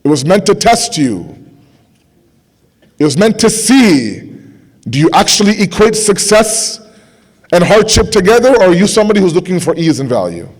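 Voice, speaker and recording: A young man giving a sermon to a gathering, impassioned, repeating phrases for emphasis and dropping to quiet intensity. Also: sits high, sing-song, normal speed, pauses often, slightly rough. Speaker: speaker at a religious gathering.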